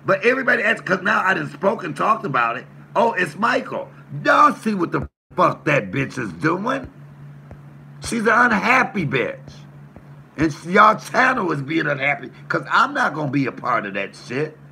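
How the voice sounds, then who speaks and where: A man rants to his livestream chat in a gravelly, bright, sharp-edged voice, swearing hard and hammering the same points over and over. His pitch sits a little high for a man. A faint hum runs underneath. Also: sing-song, moderate pace. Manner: profane, confrontational, emphatic. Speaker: YouTube livestream host. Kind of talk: heated livestream rant reading chat.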